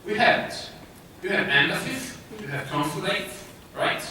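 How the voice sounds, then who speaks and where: A man with a Polish accent giving a conference talk, speaking haltingly with many filler sounds and restarts. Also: fairly high pitch, big pitch swings, sharp tone. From Poland. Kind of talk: conference presentation. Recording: echoey hall, distant mic, noisy.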